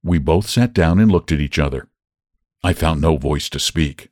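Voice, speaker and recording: A man reading a short story aloud as host of a literature podcast, with an expressive storytelling delivery. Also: very deep voice, normal speed, no room sound, studio quality. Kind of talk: audiobook-style story narration.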